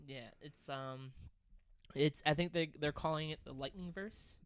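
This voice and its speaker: Smooth, higher-pitched casual man. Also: unhurried, fairly bright tone, dry recording. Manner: loose, profane, laughing. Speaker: podcast co-host. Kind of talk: casual chat.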